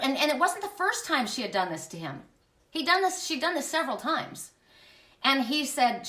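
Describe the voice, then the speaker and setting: A woman's voice: high voice, big pitch swings, normal speed, sharp tone, reverberant, recorded from a distance. A woman telling a candid personal story in an emphatic, confiding way, with frequent restarts and blunt swearing. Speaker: spiritual channel host.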